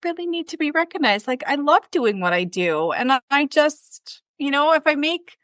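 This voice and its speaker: A woman from Canada, a guest telling a story in casual conversation, with many fillers and lively retellings. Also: high voice, normal speed, dry recording. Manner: chatty, lots of fillers, animated retelling. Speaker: interview guest.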